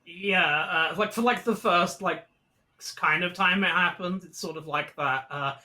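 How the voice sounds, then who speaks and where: A man's voice: high-pitched, unhurried, bright, forceful tone. A British man co-hosting a podcast, chatting casually and irreverently, joking and swearing freely. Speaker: podcast co-host. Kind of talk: casual comedic chat.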